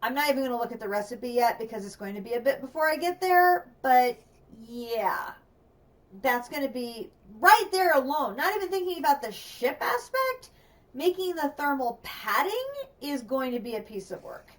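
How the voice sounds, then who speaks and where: Woman, gameplay livestream, talks to herself, higher voice, mic a bit distant. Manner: thinks aloud, chatty and self-talking. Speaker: streamer.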